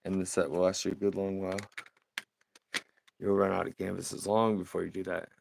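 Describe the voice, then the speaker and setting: A man in his thirties with a low, gravelly voice talks casually to his live-stream audience while painting. He rambles in a relaxed way and laughs easily. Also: brisk, background noise. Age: 30s. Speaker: livestreaming painter.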